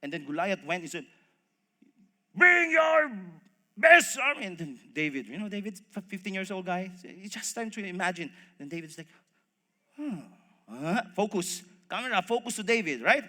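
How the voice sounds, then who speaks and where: Pastor preaching, bright ringing voice, big echoey church, acts out the story. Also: male voice, sits high, fast talker, few pauses. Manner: animated storytelling, acting out voices, addresses congregation as folks. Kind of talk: sermon. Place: church hall. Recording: long reverb of a church hall.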